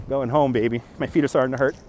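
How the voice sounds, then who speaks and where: Walking city streets at night with a phone on a handheld gimbal, this livestream tour host keeps a casual, upbeat tone and thanks viewers for donations. His mid-range voice is a little mellow, with slight background noise.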